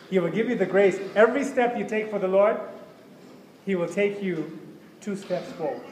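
Preaching with fervor, this man speaks in a high-sitting voice and dramatizes prayers and the voices of others. The sound carries a little hiss or hum, with the echo and faint ambience of a hall.

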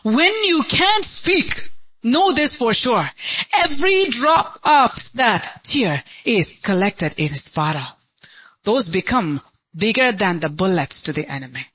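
A woman pastor preaching an impassioned sermon, swinging from high pleading cries to low hushed lines. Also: lively intonation, takes it slowly, husky, dry recording, rough recording. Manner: laughs between lines.

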